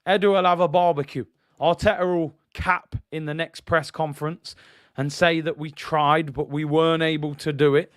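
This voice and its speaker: A man's voice: fairly high pitch, fairly even intonation, moderate pace, clear, resonant tone, no echo, clean studio sound. Frustrated man ranting on stream. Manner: frustrated, rhetorical questions, reads out viewer comments. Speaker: football channel host. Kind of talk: livestream fan rant.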